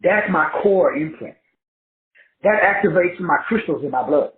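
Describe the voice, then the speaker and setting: A high-voiced man lectures his class in a preachy, repetitive, colloquial way. The sound is tinny and narrow, as if over a phone line. It rings in an echoey room. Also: expressive, moderate pace. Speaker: online teacher and host. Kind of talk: motivational lecture.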